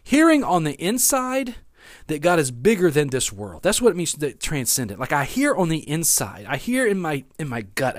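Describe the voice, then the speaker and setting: A man delivers a sermon in an earnest, conversational way, often circling back to repeat a key phrase. His voice sits a little higher than most men's. The sound is dry and close, with no room echo. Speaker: pastor.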